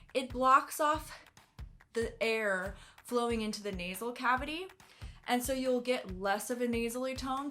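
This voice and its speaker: A woman's voice: on the high side, pushed and bright. An American woman, a singing teacher, explaining vocal anatomy in a casual way and often hedging with "kind of". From United States.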